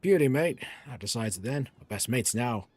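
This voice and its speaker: A man's voice: mid-range voice, animated, normal speed, darkish tone, no echo, lightly acted. A man voicing a brash young female thief with a put-on Cockney accent and cocky, slangy banter.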